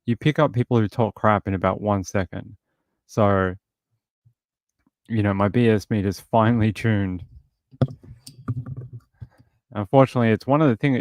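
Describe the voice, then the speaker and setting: A man with a lowish voice hosts a casual true crime livestream, talking bluntly and getting fired up in long run-on bursts. He leans on fillers and restarts. The sound is dry and close, with no room around it. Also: dry recording.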